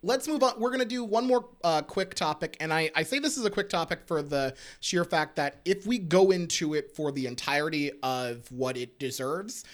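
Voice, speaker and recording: A podcast host leading a casual chat, animated and laughing often, swearing freely and steering the conversation between topics. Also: mid-range voice, normal speed, few pauses.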